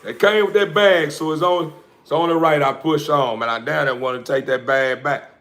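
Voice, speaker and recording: A man talks to his livestream viewers in a loose, rambling way, heavy on slang and stray "uh"s. His voice sits a little higher than most men's, and he keeps the tone easygoing and unscripted as he goes. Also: fairly even intonation, normal speed, fairly bright tone, slight background noise. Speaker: dog breeder. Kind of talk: casual livestream chat.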